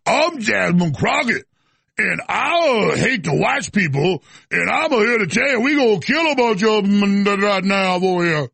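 A man doing a drawn-out, exaggerated, mocking impression of a brash female politician. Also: high-pitched, lively intonation, vocal fry, sharp tone, slightly rough, dry recording, full character voice.

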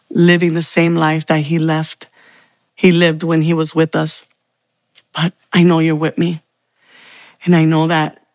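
A woman sharing a heartfelt personal faith testimony, telling her story slowly with pauses. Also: fairly low pitch, no echo.

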